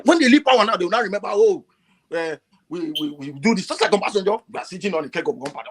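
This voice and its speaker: Impassioned husky man on a video call. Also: lively intonation, rapid-fire, fairly bright tone. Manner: impassioned, rising to high emotional pitch, repeats himself. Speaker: caller. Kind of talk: passionate online call-in talk.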